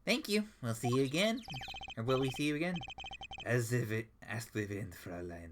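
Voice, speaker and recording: A man's voice: medium pitch, lively intonation, noisy background, close to an everyday voice. A man doing a suave German-accented charmer. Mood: smooth. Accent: put-on German. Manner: slow, smooth and pompous.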